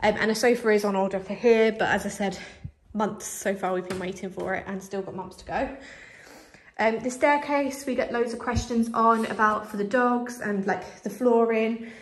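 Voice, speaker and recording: A woman's voice: mid-range voice, fairly even intonation, normal speed, slight background noise. Chatty, slightly breathless woman. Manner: chatty, lots of fillers. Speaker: vlogger. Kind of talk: casual house tour. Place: house, indoors.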